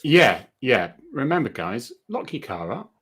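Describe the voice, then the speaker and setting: A man's voice: medium pitch, sing-song, a little slow, fairly bright tone, breathy edge. A man hosting a casual live video chat, chatty and self-deprecating and laughing often. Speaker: host.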